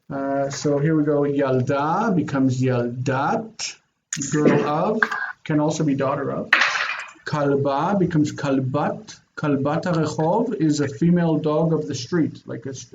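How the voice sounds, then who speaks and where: Man teaching Hebrew grammar, slightly high voice. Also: gravelly, dark tone, dull audio, slight background noise. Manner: explains patiently, slowing down to spell out Hebrew forms. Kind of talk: classroom grammar lesson.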